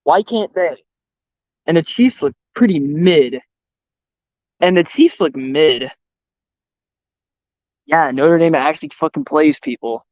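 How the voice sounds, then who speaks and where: A man's voice: fairly high pitch, slow, pauses often, darkish tone, no echo. A young man talking outdoors about sports, blunt and profane, with strong opinions. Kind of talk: casual chat. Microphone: voice call or stream mic. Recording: dull, slightly lo-fi dry sound.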